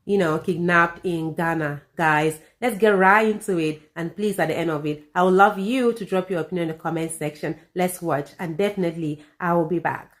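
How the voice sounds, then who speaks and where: A woman's voice: lowish voice, brisk, hardly any pauses. Bubbly woman vlogger intro. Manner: bubbly, upbeat greeting. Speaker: vlogger host. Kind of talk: vlog intro.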